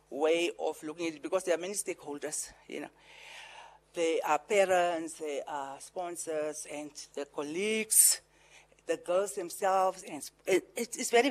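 A middle-aged woman with a Namibian English accent shaped by Herero and Afrikaans, giving a farewell speech as a veteran broadcaster, lively with laughing asides and repeated words. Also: fairly low pitch. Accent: Namibian English, Herero and Afrikaans influenced. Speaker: veteran broadcaster and pageant director.

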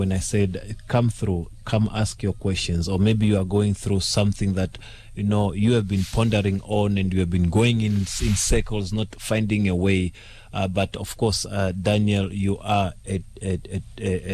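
Wrapping up a late-night talk show, a male radio host stumbles through his phrases, full of fillers and repeated words. His voice is a bit low and darkish, fairly even in intonation, and a little slow.

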